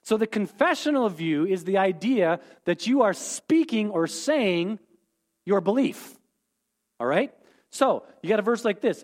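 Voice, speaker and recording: A man's voice: sits high, expressive, measured pace. A man teaching a Bible lesson, explaining terms and repeating key points, often checking in with "okay?".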